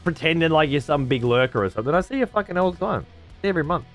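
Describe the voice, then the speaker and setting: A man's voice: fairly high pitch, expressive, rapid-fire, a bit bright, faint music behind. A man hosting a livestream from his room at home, chatting casually with viewers in profane, sarcastic banter. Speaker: livestream host.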